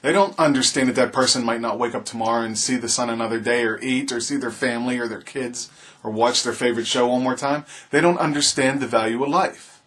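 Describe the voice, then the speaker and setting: A man's voice: medium pitch, fairly even intonation, brisk, fairly bright tone. Earnest man preaching to his camera. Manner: preachy, impassioned, repetitive appeals. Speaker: vlogger. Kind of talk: earnest opinion monologue to camera.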